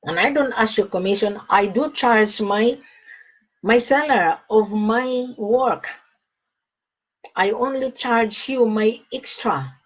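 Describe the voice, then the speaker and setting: An Australian woman who works as a gold and diamond broker speaks straight to camera, giving advice in a blunt, emphatic way and repeating her points. Her voice is a little high and slow, and the recording is dull and lo-fi.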